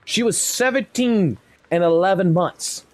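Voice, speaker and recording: A man's voice: high voice, a little slow, dry recording. Blunt, heavily swearing male streamer. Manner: heavy swearing, blunt and heated. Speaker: live streamer. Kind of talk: casual storytelling on stream.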